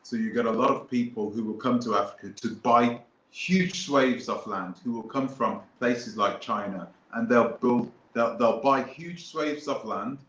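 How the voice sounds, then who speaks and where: A man's voice: medium pitch, unhurried, hardly any pauses, fairly bright tone, reverberant, highs cut off. A man hosting a live stream, talking casually and emphatically, repeating his points as he goes off on tangents. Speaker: host.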